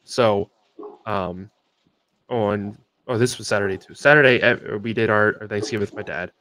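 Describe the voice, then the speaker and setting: A man's voice: on the low side, normal speed, pushed and bright, no room sound. A young man co-hosting a sports podcast, telling a long story in a casual, rambling way with many fillers and restarts. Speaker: podcast co-host.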